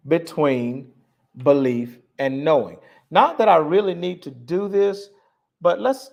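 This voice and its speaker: A man hosting a live online talk, preaching in a repetitive cadence, leaning hard on key words and letting phrase ends trail off softly. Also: medium pitch, gravelly. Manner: preaching cadence, stressing words, repeating lines. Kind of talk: live-stream monologue on religion.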